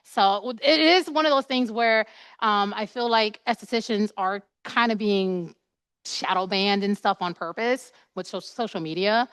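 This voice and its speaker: A woman's voice: mid-range voice, moderate pace, a bit bright, smooth, no echo. A woman esthetician in her thirties giving a chatty, playful live waxing demonstration, acting out quoted dialogue as she works.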